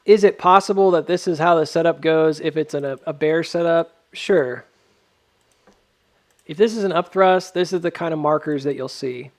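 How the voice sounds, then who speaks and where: A man giving casual stock chart commentary, rambling with lots of ums and laughing at his own jokes. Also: fairly high pitch.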